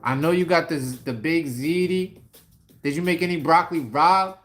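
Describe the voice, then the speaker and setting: A man's voice: a little high, normal speed. New york guy doing a live chat, lots of slang, laughing with viewers, bit of music in the back. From New York City. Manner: animated, slangy, laughs often, talks to viewers by name. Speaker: livestream host. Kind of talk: casual live chat reading comments.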